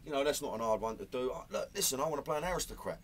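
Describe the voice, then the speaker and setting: A man's voice: mid-range voice, animated, very fast. A man with a Cockney London accent chatting in an interview, blunt and matey, full of "you know" and "man". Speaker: actor being interviewed. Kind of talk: casual interview chat.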